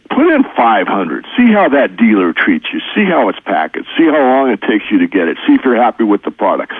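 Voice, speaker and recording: A man's voice: mid-range voice, slightly rough, no echo. A man talking as an interview guest in a casual, earnest, folksy way, repeating his practical points. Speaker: precious metals educator, guest. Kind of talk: casual explanatory interview talk. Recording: tinny phone line.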